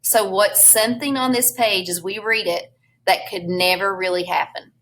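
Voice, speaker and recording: A woman's voice: medium pitch, moderate pace, a bit bright, rough recording. Patient woman teacher reading aloud. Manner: patient, explains words and prompts students. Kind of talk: reading a storybook aloud for a recorded class lesson.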